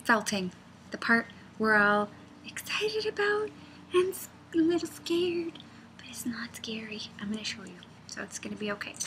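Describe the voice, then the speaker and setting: Bright-voiced rambling woman. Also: medium pitch, moderate pace, slight background noise. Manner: rambling, digressive, drops to a near-whisper. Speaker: knitting pattern designer. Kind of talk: casual vlog chat.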